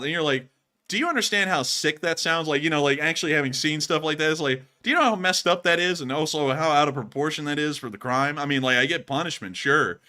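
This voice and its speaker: A man's voice: fairly high pitch, fast talker, sharp tone. A man hosting a live stream, chatting loosely with many fillers and laughs as he answers donations. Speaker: host. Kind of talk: casual live-stream chat reading donations.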